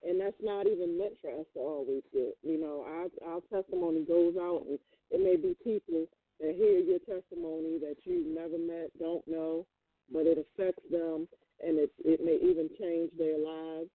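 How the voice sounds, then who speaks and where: A woman hosting a gospel call-in radio show, speaking gently and reflectively with halting fillers. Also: lowish voice, lively intonation, gravelly, no room sound. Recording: dry tinny phone-like line.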